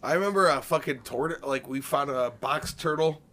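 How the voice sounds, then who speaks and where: A man co-hosting a casual podcast, telling relaxed, rambling stories and laughing at what he cannot remember. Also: fairly high pitch, moderate pace. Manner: laid-back, laughs at his own memory gaps. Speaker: podcast co-host. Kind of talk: casual chat among friends.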